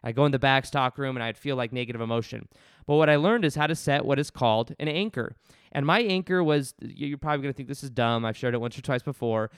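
A young man talking casually to camera as a self-help YouTuber, telling stories in an animated way with many restarts and asides. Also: medium pitch, fast talker, smooth, no room sound, studio quality.

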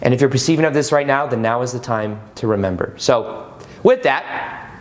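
A man's voice: medium pitch, normal speed. A young adult man hosting a spiritual video, speaking earnestly to the viewer with repeated, emphatic phrases. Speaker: spiritual YouTube host. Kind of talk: motivational spiritual talk to camera.

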